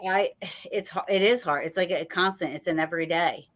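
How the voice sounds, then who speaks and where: A woman hosts a loose, unscripted livestream conversation. She rambles, trails off and restarts her thoughts, leaning on filler phrases, in a slightly low voice. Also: fairly quick. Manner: rambling, full of "you know" and restarts. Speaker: host. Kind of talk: casual livestream chat.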